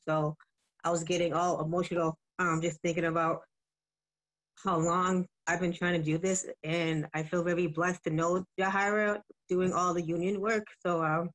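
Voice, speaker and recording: A woman educator speaking over a phone on a video call, laid-back and emotional as she talks, then slow and forceful as she recites spoken word poetry. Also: lowish voice. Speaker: educator and poet.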